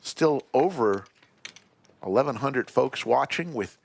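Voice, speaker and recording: Lively male poker commentator. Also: mid-range voice, slow pace, gravelly, a little hiss or hum. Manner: lively, reads out viewer shout-outs.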